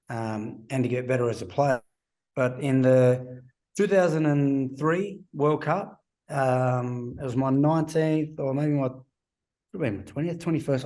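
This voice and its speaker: Mellow-voiced man telling stories. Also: medium pitch. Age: 40s. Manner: anecdotal storytelling, acts out quoted voices. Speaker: podcast guest, former rugby player. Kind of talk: casual podcast interview.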